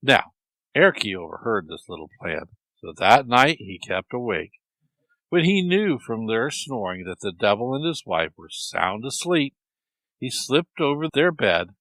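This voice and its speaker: A man telling a folk tale in a lively, expressive storytelling manner. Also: fairly low pitch, no echo, low-quality recording. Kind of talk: storytelling narration.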